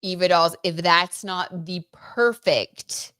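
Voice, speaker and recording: A woman's voice: fairly low pitch, steady tone, takes it slowly, a bit bright, clean tone, dry recording, clean studio sound. A young woman hosting a tarot livestream, chatting casually with viewers and gushing about what she sees in the cards. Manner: chatty, gushing, many "like"s and "oh my God"s; reads out viewer comments.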